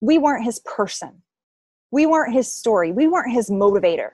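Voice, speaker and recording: A woman's voice: a little high, big pitch swings, brisk, a little mellow, no room sound. Young woman on a team coaching call, chatty, acts out quotes, dry close sound. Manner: chatty, acts out quoted voices, many likes and ums. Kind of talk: coaching call, casual storytelling.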